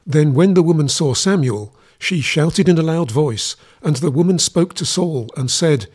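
A man reading scripture aloud in a measured, steady, reverent manner. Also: a little high, slightly rough. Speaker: Bible reader.

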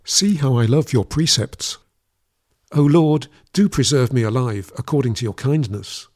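A man giving a solemn scripture reading in a measured, even recitation, his voice dropping lower each time he addresses the Lord. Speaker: scripture reader.

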